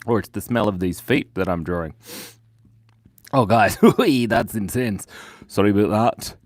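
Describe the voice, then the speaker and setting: A man's voice: fairly low pitch, animated, measured pace, no room sound, clean studio sound. A cheerful, chatty man hosting a live drawing stream, constantly thanking viewers, on a clip-on mic. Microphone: clip-on lapel mic.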